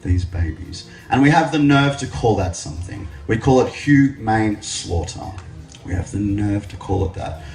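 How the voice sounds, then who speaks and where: A young man giving a public speech, telling his story with lively jokes. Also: on the low side. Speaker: speaker at an event. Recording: echoey hall, mic from a distance.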